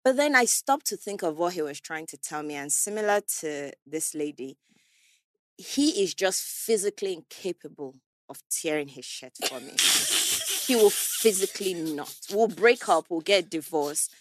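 A woman chatting as a podcast guest, telling animated stories and laughing often. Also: on the low side, moderate pace, no room sound. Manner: animated storyteller, acts out quotes, laughs often. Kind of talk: casual podcast chat.

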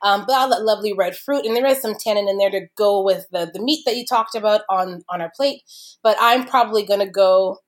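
A woman's voice: medium pitch, fairly quick. A woman, a wine expert guest, talking in a chatty, explanatory way with many fillers. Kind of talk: casual podcast conversation.

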